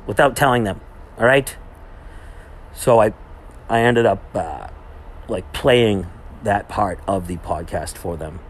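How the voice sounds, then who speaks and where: A young man with a low-pitched voice chats through his podcast in a loose, meandering way. He restarts his sentences often and leans on fillers as he goes. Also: a little hiss or hum. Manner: rambling, heavy on fillers and restarts. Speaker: podcast host. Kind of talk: casual monologue, retelling a trip.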